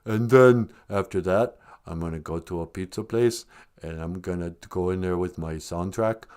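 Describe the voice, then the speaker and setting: A man's voice: sits low, normal speed, darkish tone, clear, resonant tone, pitched below the performer's own voice, lightly acted. A man doing a mumbling tough-guy boxer star. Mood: laid-back. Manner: slurred tough-guy talk. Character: mumbling tough-guy boxer movie star, male, middle-aged, laid-back. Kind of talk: comedic impression.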